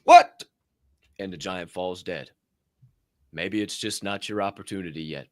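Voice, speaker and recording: A man co-hosting a casual motivational podcast, animated and profane, often laughing as he talks. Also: sits low, moderate pace, no room sound, clean studio sound. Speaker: podcast co-host.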